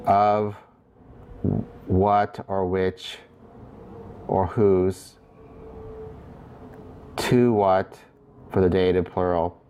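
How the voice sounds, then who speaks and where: A man teaching a recorded grammar lesson, explaining slowly and deliberately, with frequent fillers and restarts. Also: low voice, little pitch movement, mellow, lo-fi sound, a little hiss or hum. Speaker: Greek instructor. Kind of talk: recorded lecture.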